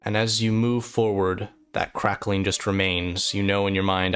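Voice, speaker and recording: A man narrating a tabletop fantasy game as game master, telling a dream in measured second-person storytelling. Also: low voice, little pitch movement, fairly bright tone. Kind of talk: slow, atmospheric tabletop narration.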